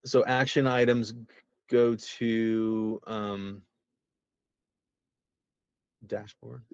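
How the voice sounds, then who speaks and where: Speaking in a lowish, darkish voice, an app founder rambles folksily through his app on a video call screen-share, breaking into his own sentences. There's no room sound and the audio is dull.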